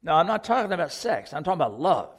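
A man's voice: a little high, sing-song, fast, slightly rough, in a large hall. A man preaching a sermon to a congregation, earnest and questioning, repeating key lines for emphasis. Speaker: pastor.

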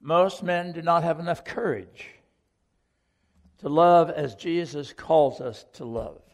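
A man's voice: a little high, takes it slowly, big-room sound. A man preaching a sermon to a congregation, earnest and questioning, repeating key lines for emphasis. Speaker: pastor.

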